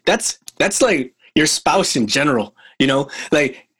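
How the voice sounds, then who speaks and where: A man hosting a casual podcast chat, telling work stories in an animated way and laughing often. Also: a little high, normal speed, breathy edge. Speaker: podcast host.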